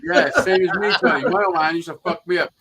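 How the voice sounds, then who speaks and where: Swearing man telling rough street stories. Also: high-pitched, fairly quick, a loud crowd, poor audio. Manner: profane, animated storyteller who acts out quotes. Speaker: live stream host. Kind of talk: casual chat, storytelling.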